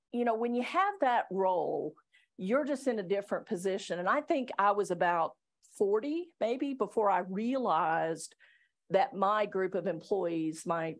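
Middle-aged female trainer and lawyer. Chatty and self-deprecating, laughs between points. Medium pitch. Live staff session. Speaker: workplace trainer and attorney. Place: meeting room with live audience.

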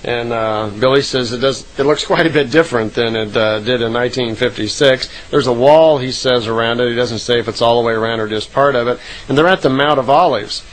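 A man's voice: mid-range voice, fairly quick, few pauses, rough recording. A man casually retelling a recorded account, rambling with frequent "uh" fillers and self-corrections.

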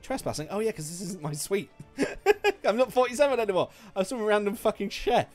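A man streaming a video game, commenting live with swearing, shouting and laughing. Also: high voice, sing-song, a little fast, faint music behind.

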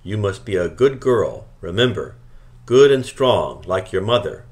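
A man voicing an earnest, gentle husband who speaks carefully to officials and to a small child. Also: on the low side, big pitch swings, a little slow.

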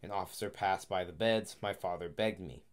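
A man reading an audiobook aloud, halting at times and correcting himself mid-phrase. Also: low voice. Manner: halting, frequent restarts and self-corrections. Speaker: audiobook reader. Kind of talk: audiobook narration.

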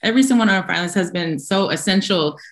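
A woman's voice: fairly low pitch, very fast. A woman emceeing a ceremony, rallying the audience with energy. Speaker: master of ceremonies. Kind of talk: hyping up an audience.

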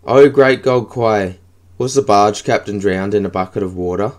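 A man's voice: lowish voice, moderate pace, lightly acted. A man voicing a pompous, devout alien president who pleads solemnly with his god in an audiobook.

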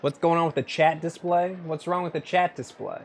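With a slightly high voice, fairly even intonation, and normal speed, a young man from Scotland jokes around with his chat. He's streaming a casino game casually and responds to whatever he wins or loses.

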